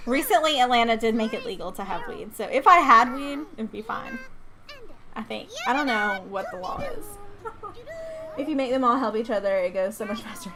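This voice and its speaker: A woman's voice: on the high side, very animated, normal speed, bright, forceful tone. A woman from North Georgia with a Southern accent, chatting casually and giggling often while live-streaming a game. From North Georgia, USA.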